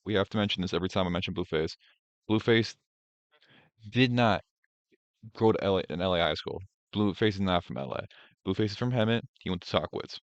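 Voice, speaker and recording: A man's voice: deep voice, fairly quick, pauses often, no echo, lo-fi sound. A man streaming, giving casual reaction commentary in a blunt, profane, ranting way with many restarts.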